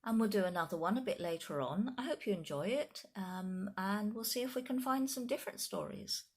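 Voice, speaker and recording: Woman storyteller reading a picture book to kids, lively and a bit husky. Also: medium pitch, a little fast. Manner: animated storytime narration, chatty asides to children.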